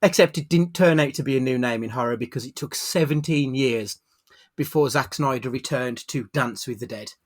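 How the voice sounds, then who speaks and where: A man's voice: medium pitch, moderate pace. A British man hosting a podcast, chatting casually and then giving a dramatic build-up to a film, on a webcam mic. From United Kingdom. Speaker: podcast host. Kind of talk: casual chat and scripted film intro.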